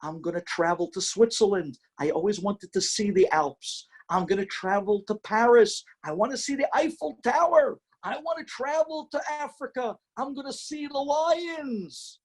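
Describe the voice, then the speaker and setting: Man doing a gushing young wife, high voice. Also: little pitch movement, a little slow, vocal fry, few pauses, darkish tone, exaggerated voice. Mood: excited. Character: young formerly blind wife, elated and excitable.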